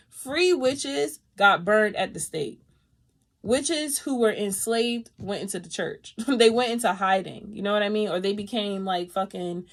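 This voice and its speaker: A woman hosts a live tarot reading in a casual, animated way. She laughs often and swears freely, shifting easily between quiet, confiding asides and loud, emphatic declarations. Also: mid-range voice. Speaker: tarot reader.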